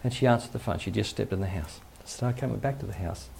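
A man's voice: lowish voice, fast talker, gravelly, darkish tone. A male pastor giving a conversational sermon, acting out quoted voices, with faint background noise.

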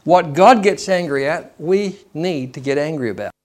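A man's voice: fairly high pitch, animated, unhurried. A man preaching a sermon in a conversational way, acting out the people he quotes.

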